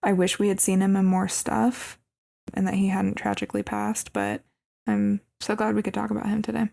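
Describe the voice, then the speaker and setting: A woman co-hosting a podcast, narrating a movie plot in a relaxed way with asides. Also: medium pitch, normal speed, gravelly. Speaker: podcast co-host. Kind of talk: casual podcast movie recap.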